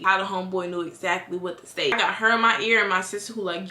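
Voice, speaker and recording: A woman's voice: medium pitch, fairly even intonation, fast, hardly any pauses, pushed and bright. A woman vlogger telling a personal story in a casual storytime, blunt and profane, acting out the quotes as she goes.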